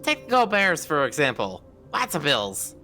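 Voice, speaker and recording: Streamer doing a sunny upbeat mail carrier, bright tone, bouncy, faint game music. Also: medium pitch, huge pitch swings, moderate pace, exaggerated voice. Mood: chipper. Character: cheerful mail carrier on morning rounds.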